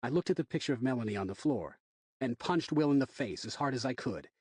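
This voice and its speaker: A male audiobook narrator reading a dark thriller in first person, his pitch moving lively through each line. The voice is husky and mid-range, recorded dry in a booth. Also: quick pace, no room sound.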